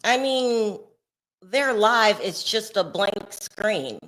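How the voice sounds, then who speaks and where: Upset and shaky, a woman hosts a casual live stream from home, rambling very slowly between loud outbursts and sighing murmurs. Her mid-range voice is expressive.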